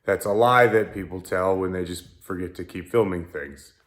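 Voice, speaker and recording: Talking into his phone in the garage, a young man vlogs about his car build in a low voice at a moderate pace. He rambles casually and keeps joking at his own expense.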